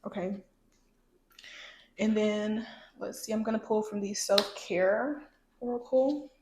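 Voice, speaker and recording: A woman's voice: medium pitch, takes it slowly, background noise. A young woman casually chatting through a tarot card reading, talking straight to her viewers. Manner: chatty, talks to viewers directly. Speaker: tarot reader. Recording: echoey room.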